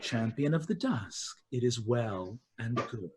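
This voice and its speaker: A man voicing a towering, wistful fae queen of dusk in a tabletop game, speaking softly and with measured formality. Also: medium pitch, lively intonation, husky, voice pushed down. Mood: solemn, tender. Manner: soft, measured, stately.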